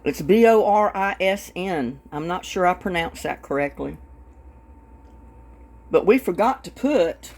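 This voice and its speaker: A woman's voice: on the low side, lively intonation, measured pace, darkish tone. A woman hosting her own cooking channel, gushing in a folksy way as she tastes her food. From Texas. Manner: folksy, gushing, says y'all a lot. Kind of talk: casual cooking vlog, taste-testing.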